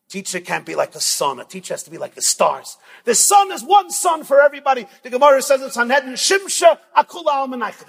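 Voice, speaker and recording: Dramatic male rabbi-preacher, very high husky voice, big hall reverb. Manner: dramatic, emphatic, swings between loud and soft. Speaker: rabbi speaker at a yeshiva event. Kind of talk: sermon with storytelling. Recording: long reverb from a large hall.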